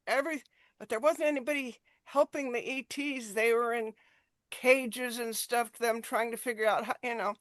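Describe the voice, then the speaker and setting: A woman's voice: on the high side, fairly bright tone, no room sound. A woman hosting an interview, gushing with enthusiasm and rambling through her questions. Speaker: host. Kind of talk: casual interview.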